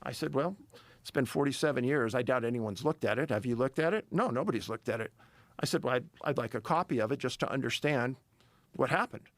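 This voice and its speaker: A man's voice: mid-range voice, expressive, a little fast, dry recording. A middle-aged man telling a story in a casual interview, emphatic and building tension. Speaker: podcast guest, missing-persons researcher.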